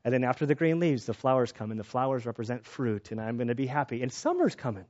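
A man preaching a sermon in a casual, conversational way, telling personal stories and getting animated when excited. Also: medium pitch, quick pace, lo-fi sound. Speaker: pastor.

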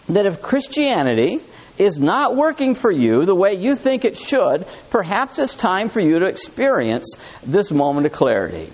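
A man preaching a sermon in a conversational, animated way, reading scripture aloud and talking it through with his listeners. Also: sits high, lo-fi sound. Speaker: pastor.

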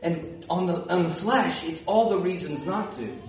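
In a church sanctuary, a male pastor preaches a sermon, telling stories and building to emphatic repeated calls. His voice is high and his pace moderate, captured by a distant mic in an echoey church hall.

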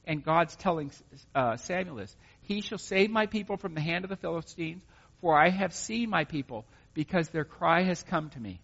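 A man reading scripture aloud and explaining it in a relaxed, conversational way, thinking aloud as he goes. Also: a little high, normal speed. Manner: conversational, thinks aloud, plain-spoken asides. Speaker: Bible study teacher. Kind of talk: informal scripture reading and commentary. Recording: muffled recording with long hall reverb.

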